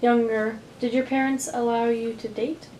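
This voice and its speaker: A woman's voice: fairly high pitch, level tone, normal speed, a little mellow. A woman interviewing an older man, asking short, direct questions and giving brief acknowledgments. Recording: roomy, distant mic with faint noise.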